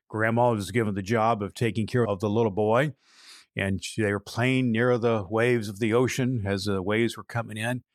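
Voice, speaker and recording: Earnest retired pastor hosting a podcast. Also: male voice, mid-range voice, no echo, clean studio sound. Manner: earnest storytelling with restarts. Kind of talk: casual podcast monologue.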